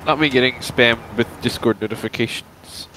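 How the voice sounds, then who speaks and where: Bright-voiced young man joking while gaming. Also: mid-range voice, normal speed, slight background noise, rough recording. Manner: joking, swearing, laughing often. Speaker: gamer. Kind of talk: casual gaming chat with friends.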